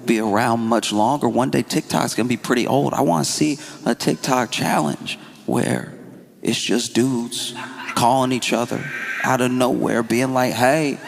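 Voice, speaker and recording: A man doing a stand-up comedy set with a deadpan, conversational delivery. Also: medium pitch, normal speed, gravelly, slight background noise. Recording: live club with audience and reverb. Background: audience laughter.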